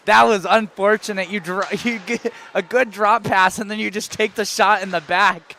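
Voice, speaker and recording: A man calling hockey play-by-play, firing off quick calls that jump to shouts on shots and goals. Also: high voice, fairly even intonation, slight background noise. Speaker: play-by-play commentator.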